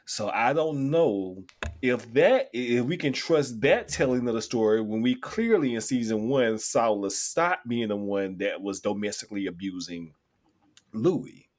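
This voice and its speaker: A man's voice: medium pitch, expressive, unhurried. A man co-hosting a podcast in casual chat, playful and teasing. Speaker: podcast co-host.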